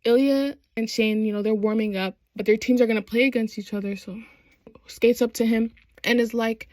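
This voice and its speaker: A young woman recaps a show in a lively, slangy rush, slipping into quick impressions of the characters. Her voice sits a little high. The sound is close and dry, with no room around it. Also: no room sound. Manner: animated, slangy retelling with quoted voices. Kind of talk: casual chat.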